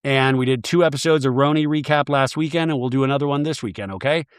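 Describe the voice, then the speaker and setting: A man hosting a podcast, recapping TV in a chatty, animated, profane way into a close mic. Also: medium pitch, fast, clear, resonant tone, no room sound. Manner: chatty, animated, swearing freely. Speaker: podcast host. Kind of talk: casual comedic TV recap.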